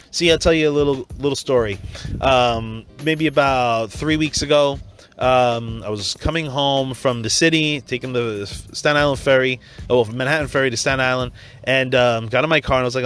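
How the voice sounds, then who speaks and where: A man's voice: medium pitch, expressive, moderate pace, a bit bright, faint music behind. Blunt, profane New man. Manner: blunt, profane, emphatic, conversational. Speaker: motivational speaker. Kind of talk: motivational monologue.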